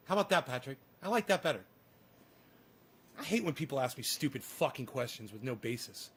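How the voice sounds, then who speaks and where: A man's voice: mid-range voice, very animated, brisk, fairly bright tone, husky. A man ranting profanely and combatively at his livestream chat. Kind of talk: casual livestream rant.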